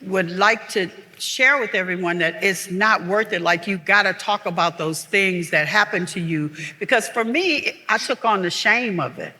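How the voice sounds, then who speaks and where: A woman's voice: medium pitch, moderate pace, hardly any pauses, sharp tone. An older woman telling personal stories candidly as a guest on a live theater stage, with earnest restarts. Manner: earnest, heartfelt, with frequent restarts. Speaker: guest author. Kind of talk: candid storytelling conversation. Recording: reverberant live theater sound.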